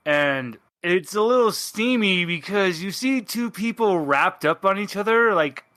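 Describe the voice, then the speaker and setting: A man runs a tabletop game, narrating scenes in an animated, rambling way. His voice is fairly high and bright, and the sound is close and dry. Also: no room sound. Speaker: game master.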